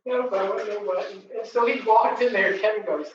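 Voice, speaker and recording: Woman giving a halting faith testimony, echoey. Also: mid-range voice, slight background noise. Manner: halting, with frequent pauses and fillers; earnest and tender. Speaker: grieving mother giving testimony. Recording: very echoey, distant, dull recording.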